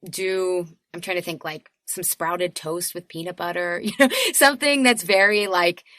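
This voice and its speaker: A woman in her thirties, a guest on a podcast, talking in a lively casual way, laughing often and acting out little quotes. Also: on the low side, moderate pace, dry recording, studio quality. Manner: animated, laughs often, acts out voices in quotes. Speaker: podcast guest, health coach. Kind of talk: casual chat.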